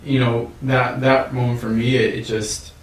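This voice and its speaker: A male co-host speaks earnestly and reflectively, often restarting his sentences. His voice sits at a middle pitch. The mic is set back in a roomy space. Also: flat delivery, moderate pace. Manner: earnest, reflective, repeats words as he thinks. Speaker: podcast co-host. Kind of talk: casual chat. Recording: roomy sound from a distant mic.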